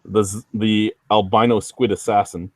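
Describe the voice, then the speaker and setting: A man's voice: fairly low pitch, little pitch movement, moderate pace, husky, no echo. Easygoing male host of a beer chat. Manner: easygoing and chatty. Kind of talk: casual group chat.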